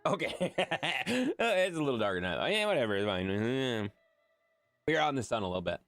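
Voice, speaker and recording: A woman streamer talks casually to her audience, bouncing her voice all over the place as she jokes and swears. The sound is dry and close, with a little music playing quietly underneath. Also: rumbling low, fairly quick, dry recording. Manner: animated, jokey, reads chat aloud and swears freely. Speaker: live streamer. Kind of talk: casual live-stream chat.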